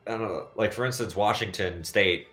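A young American man with a very low voice talks his way through loose tangents on a casual podcast. His jokes land deadpan. Faint music sits under the talk. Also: moderate pace. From United States. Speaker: podcast host.

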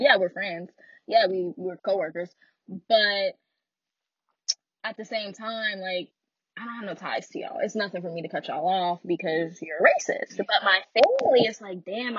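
A young woman's mid-range, slightly rough voice comes through dull audio with no room sound. She gives a frank, blunt monologue about her life, animated and full of laughs and asides.

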